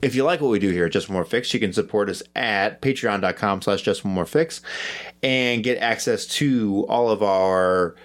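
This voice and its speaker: A man's voice: fairly low pitch, normal speed. A man co-hosting a podcast, talking through his thoughts in a rambling, hesitant, self-deprecating way. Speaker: podcast co-host. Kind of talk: casual podcast discussion.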